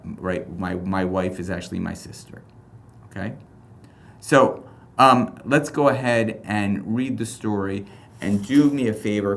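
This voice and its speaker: Man, low-pitched, teacher, recorded lesson, animated, rhetorical questions, reads texts aloud. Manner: reads scripture passages aloud.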